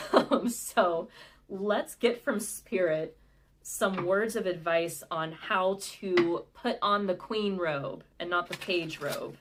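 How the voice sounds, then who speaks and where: A woman giving a live tarot reading in a relaxed, conversational way. She speaks in a slightly low voice and often pauses on soft fillers as she follows her intuition. The delivery is gentle and friendly. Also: slight background noise. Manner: chatty, gentle and intuitive, with frequent "like" and "um". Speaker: tarot card reader. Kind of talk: live pick-a-card reading.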